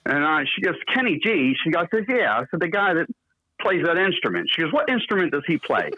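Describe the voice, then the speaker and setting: A man's voice: fairly high pitch, very animated, fairly quick, dry recording, lo-fi sound. Rambling storytelling radio veteran man. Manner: rambling, salty anecdotes. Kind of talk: storytelling interview.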